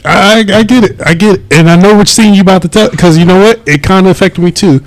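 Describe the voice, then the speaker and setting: A man's voice: high voice, quick pace, no echo, low-quality recording. A man co-hosting a podcast, chatting casually and driving his points home by repeating them. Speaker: podcast co-host. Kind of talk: casual chat.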